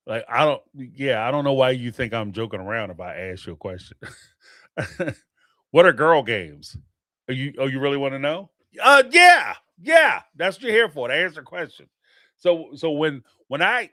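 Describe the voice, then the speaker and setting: Animated, laughing man hosting a podcast. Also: mid-range voice, dry recording, studio quality. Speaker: podcast host. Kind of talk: casual reaction commentary.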